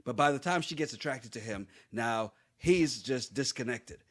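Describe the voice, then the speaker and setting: A man's voice: medium pitch, lively intonation, normal speed. A man co-hosting a podcast, talking things through in casual chat with emphatic repeats. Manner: talks things through, restarts, emphatic no-no-nos. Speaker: podcast co-host.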